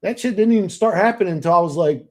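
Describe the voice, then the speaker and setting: A man's voice: high voice, fast, a little mellow. A man in his late thirties from Florida, talking through viewer comments in a casual, rambling monologue full of profanity and fillers. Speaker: channel host reading viewer comments.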